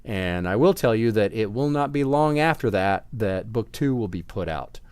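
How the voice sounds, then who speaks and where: A man who writes fantasy novels, vlogging in a relaxed, chatty way with many fillers and a slight Southern US accent. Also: fairly low pitch, normal speed, smooth, dry recording. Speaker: author vlogging about his books. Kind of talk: casual vlog talk.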